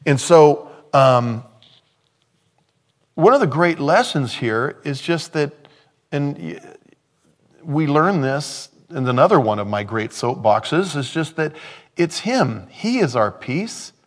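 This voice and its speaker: A male pastor delivering a sermon, moving from quiet scripture reading to loud, emphatic preaching. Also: on the high side, very animated, takes it slowly.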